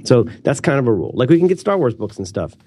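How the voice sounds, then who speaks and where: A man in his thirties co-hosting a podcast, chatting casually in a rambling, animated way. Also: medium pitch, fast, slight background noise. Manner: rambling, self-interrupting, animated. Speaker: podcast co-host. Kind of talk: casual chat.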